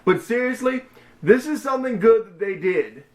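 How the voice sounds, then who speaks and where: A man's voice: very high voice, animated, moderate pace. A man co-hosting a casual vlog review, teasing and wisecracking with his co-host. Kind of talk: casual TV episode review chat.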